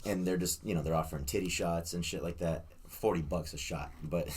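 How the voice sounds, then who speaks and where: A man's voice: low voice, steady tone, fairly quick, darkish tone, husky. A young man in casual podcast chat, telling a rowdy story with swearing and laughter. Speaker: guest. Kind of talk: casual storytelling among friends.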